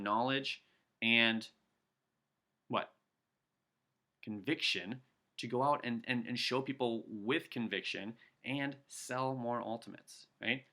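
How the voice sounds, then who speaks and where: A man giving an energetic sales training talk, coaching his listeners and acting out customer pitches. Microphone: video call.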